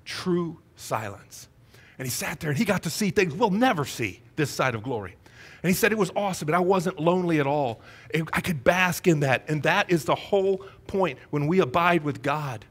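A middle-aged man, a pastor, preaching a storytelling sermon in a church, moving between hushed moments and emphatic ones. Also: on the high side, animated, moderate pace, husky. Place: church sanctuary.

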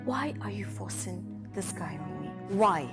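A woman's voice: on the low side, lively intonation, measured pace, creaky, over music. An actress with a Nigerian accent playing a guarded young woman, nervous and defensive about love, in a film drama. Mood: anxious. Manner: anxious, defensive.

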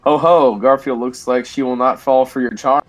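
A man voicing a joking, friendly male alien soldier in a flat, mock-serious tone. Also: mid-range voice, normal speed, no room sound, faint music behind, close to an everyday voice. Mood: jokey.

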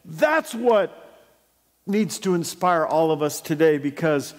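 A high-voiced male pastor delivers a sermon at an unhurried pace, telling stories and breaking into sudden loud bursts. His voice rings with a long reverb through a church hall. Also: lively intonation.

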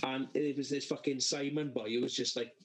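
A man's voice: mid-range voice, steady tone, brisk, low-quality recording. Guy rambling thru a sweary festival story, chatty podcast vibe. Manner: sweary, rambling anecdote with laughs. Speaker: podcast co-host. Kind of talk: casual storytelling among friends.

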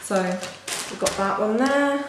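A young woman vlogging casually as she unboxes something, excitable and gushing, with lots of "like" fillers. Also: mid-range voice, slow pace. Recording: very echoey room, faint hiss.

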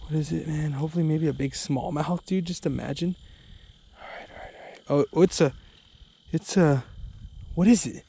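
Excitable young man fishing on ice. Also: on the high side, normal speed, creaky, husky. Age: 20s. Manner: excitable, says "dude" constantly. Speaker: fishing vlogger. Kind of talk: excited outdoor vlog commentary. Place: outdoors on a frozen lake.

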